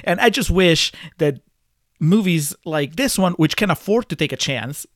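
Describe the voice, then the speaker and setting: A man co-hosting a podcast, picking apart a film in casual chat, often chuckling and pausing with uhs. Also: fairly high pitch, animated, no echo, studio quality. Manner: chuckling, hesitant with uhs, posing hypotheticals. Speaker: podcast co-host. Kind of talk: casual movie review chat.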